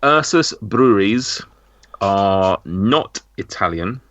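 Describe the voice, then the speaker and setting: A man with a northern English accent hosts a podcast quiz in casual chat, halting with ums and restarts. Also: on the low side, animated, fairly bright tone, dry recording. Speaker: podcast host running a quiz. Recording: dull lo-fi sound.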